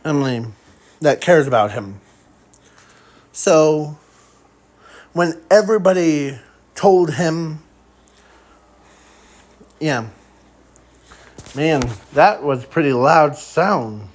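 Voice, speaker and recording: Man, fan storyteller, rambling and halting, slightly high voice, drawn-out unhurried delivery. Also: expressive, poor audio. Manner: rambling and halting, trailing off with frequent fillers. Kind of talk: improvised fan story narration.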